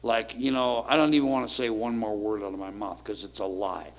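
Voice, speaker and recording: A man's voice: fairly low pitch, steady tone, fairly quick. A middle-aged man giving a plainspoken personal recovery testimony, talking casually with many fillers. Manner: plainspoken, conversational, full of fillers. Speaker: recovery speaker. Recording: dull lo-fi sound.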